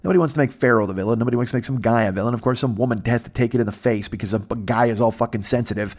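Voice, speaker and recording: A man's voice: medium pitch, very fast. A man hosting a podcast, telling a rambling, profane comic story that keeps drifting off track. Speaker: podcast host. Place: temporary setup away from home.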